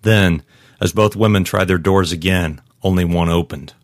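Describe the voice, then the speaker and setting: A man narrating a story in a very deep voice, steady and measured. The recording is dry, with no room sound. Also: dry recording. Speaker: audiobook narrator. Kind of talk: scripted narration.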